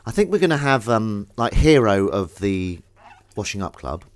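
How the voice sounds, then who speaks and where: A man's voice: on the low side, sing-song, moderate pace, slight background noise. A man chatting casually while he does the washing up, rambling, jokey and self-mocking, with the odd swear word. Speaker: host doing the washing up on a live stream.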